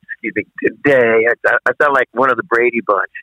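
A guest rock singer is interviewed casually by phone, on speakerphone in a car, rambling loosely and laughing easily. His medium-pitched voice has a steady, sharp tone at a fairly quick pace, with no room sound over the car phone line.

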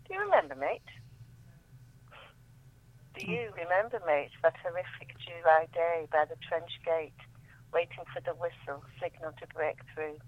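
A woman reading her own poems aloud in a measured, solemn way, then chatting about them. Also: on the low side, animated, no echo, narrow, tinny audio. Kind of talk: poetry reading and radio chat.

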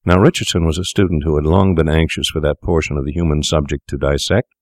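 Deep-voiced man narrating a tale. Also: fairly even intonation, fast talker, a little mellow, no echo, clean studio sound. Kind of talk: scripted narration.

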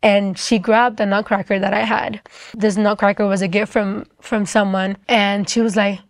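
A woman's voice: medium pitch, level tone, moderate pace, no echo. A young woman telling a personal testimony in casual talk, acting out the quoted voices and saying "like" often. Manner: acts out quoted voices, filler-heavy with "like". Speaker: storyteller giving a testimony.

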